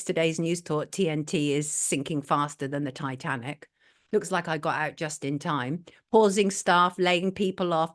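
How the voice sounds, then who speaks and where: Viewer messages get read aloud by this middle-aged English talk show host, who broadcasts live online. Her pitch is medium, and she is blunt and opinionated, restating her points to stress them.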